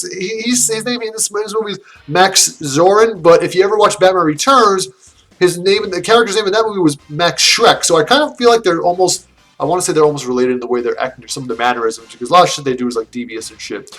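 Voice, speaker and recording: Guy ranting about a movie, kinda high voice, lots of swearing, laughs and restarts. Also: lively intonation, brisk, a bit bright. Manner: rambling, profane, laughing, with many restarts and fillers. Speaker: movie reviewer. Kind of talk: casual film review rant.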